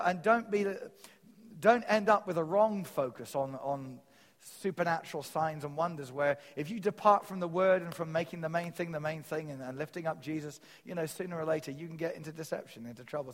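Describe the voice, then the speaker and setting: Male preacher, fairly high voice, animated storyteller, big hall reverb. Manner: storytelling with quoted dialogue, animated. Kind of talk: sermon teaching. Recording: long reverb of a large hall.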